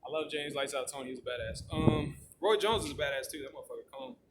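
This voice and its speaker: A channel host rambles casually, swearing heavily and filling his talk with fillers. He speaks fast in a slightly high voice with lively intonation. Loud background noise and clicks mar the recording.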